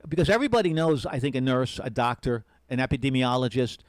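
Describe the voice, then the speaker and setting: A man's voice: medium pitch, expressive, quick pace, no echo. Earnest man hosting a radio stream. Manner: earnest, rambling, repeats words. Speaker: amateur radio special event station host. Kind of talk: live-streamed radio contact chat. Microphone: desk mic with push to talk.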